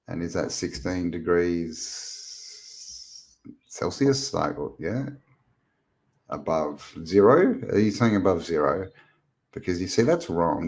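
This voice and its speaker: A man's voice: deep voice, darkish tone. A man hosting a casual livestream, rambling and joking as he reads out viewer comments. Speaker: livestream host. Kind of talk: casual live-stream chat.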